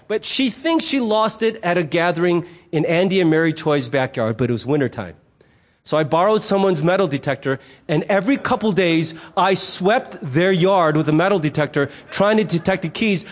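A man's voice: high voice, a little fast. A middle-aged man, a pastor, preaching a sermon in a conversational, humorous way and acting out the voices in his stories. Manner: animated storyteller who acts out quoted voices.

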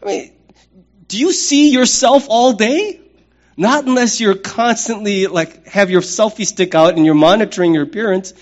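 Middle-aged male pastor, high voice, humorous conversational sermon, dull lo-fi recording. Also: normal speed. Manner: conversational and humorous, with lively acted-out asides.

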